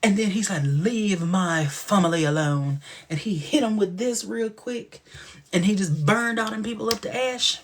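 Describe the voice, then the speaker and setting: A man hosting a casual livestream chat, telling stories in an animated way, acting out quotes and dropping into whispered asides. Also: high-pitched, moderate pace, slightly rough. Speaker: livestream host.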